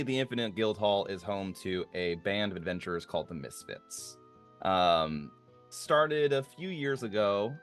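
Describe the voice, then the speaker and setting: A man running a tabletop game as game master, narrating in a halting way with many fillers. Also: deep voice, fairly bright tone.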